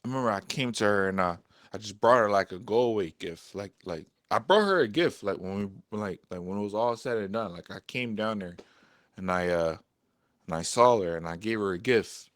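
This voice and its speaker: A young man talking candidly to camera in a personal vlog, frank and profane, getting animated when he vents. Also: lowish voice, fairly quick, no room sound, clean studio sound. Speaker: vlogger.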